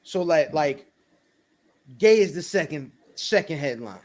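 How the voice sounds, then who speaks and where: A man with a fairly high voice trades loose, slangy sports talk on a podcast. He jokes around and laughs a lot as he chats with his co-host. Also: lively intonation, a little slow, darkish tone. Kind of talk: casual sports chat.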